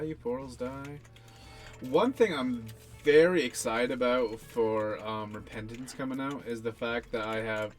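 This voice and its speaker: A young man casually talking through his own gameplay, rambling and self-deprecating, swearing now and then. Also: medium pitch. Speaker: gaming channel host.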